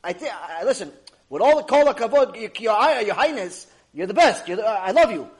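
A man voicing an eager, loyal male friend who speaks up as an advocate in an excited, gushing way. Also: high-pitched, normal speed, slightly rough, pitched above the performer's own voice.

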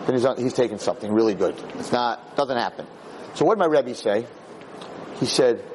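A man, a rabbi, giving an informal Torah class, animated and rambling as he searches aloud for the right word. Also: mid-range voice, fairly quick, slight background noise, poor audio.

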